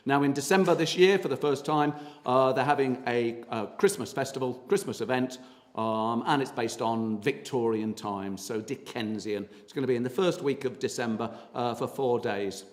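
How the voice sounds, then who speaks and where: A man's voice: medium pitch, normal speed. A man giving a local history talk, chatty and full of ums and uhs. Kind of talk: public lecture. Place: meeting hall. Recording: long hall reverb.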